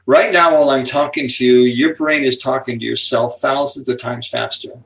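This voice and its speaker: A gravelly-voiced man in his seventies, a psychology speaker and author appearing as an interview guest, explains with animated enthusiasm and builds suspense before each key point like a seasoned speaker. His voice is medium-pitched at normal speed, set back from a distant mic on a rough recording.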